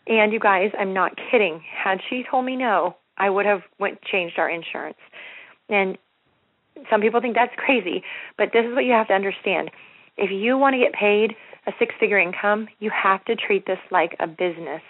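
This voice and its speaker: Energetic woman coaching on a conference call, mid-pitched, heard over a tinny phone line. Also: a little fast, dry recording. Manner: upbeat, energetic, repeats herself, acts out sample phone scripts. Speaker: network marketing leader on a training call. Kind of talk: motivational conference-call talk.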